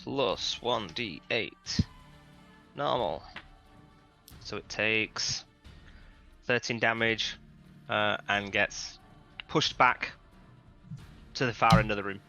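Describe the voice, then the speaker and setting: A man's voice: on the low side, slow pace, pauses often, pushed and bright, highs cut off, faint music behind. A man playing a tabletop game, reading rules aloud and checking his moves as he goes. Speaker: player. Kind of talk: casual tabletop game play.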